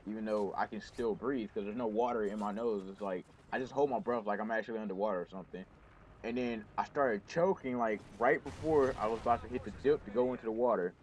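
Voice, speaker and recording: A man's voice: lowish voice, a little hiss or hum. Young man rambling through a story. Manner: rambling, self-correcting, animated retelling. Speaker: gaming channel host. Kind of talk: casual storytelling to camera.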